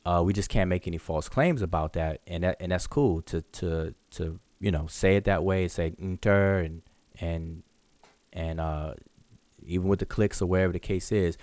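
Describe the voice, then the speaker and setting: A man with a very low, deep voice teaches in a live online question-and-answer lesson. He explains step by step, often repeating and restarting words as he sounds out examples. The sound is dry and close to the mic. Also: normal speed, a little mellow, dry recording. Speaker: hieroglyphics teacher.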